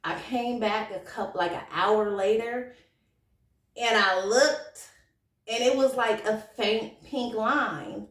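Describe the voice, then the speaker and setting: A woman's voice: a little high, takes it slowly, distant mic. Chatty woman vlogger in an echoey room. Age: 30s. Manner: chatty, animated, slangy, emotional. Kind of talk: casual storytelling to camera. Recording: roomy echo, from off the mic.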